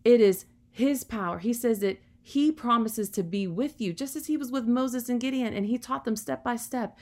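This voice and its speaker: A woman's voice: a little high, moderate pace, darkish tone. A woman preaching a sermon in an earnest, encouraging way, often adding "you know" as she talks.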